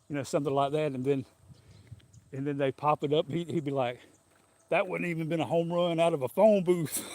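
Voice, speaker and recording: A man's voice: mid-range voice, a little mellow, no echo. A man, talking casually to a live-stream audience outdoors in the sun, rambling and chuckling as he goes. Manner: rambling, chuckling, loose and jokey. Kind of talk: casual live-stream chat while walking.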